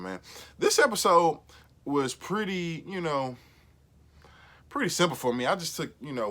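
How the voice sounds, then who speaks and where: Laid-back man hosting a football recap. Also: mid-range voice. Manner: animated, talks loosely with many fillers and repeats. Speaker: sports podcast host. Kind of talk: casual solo recap.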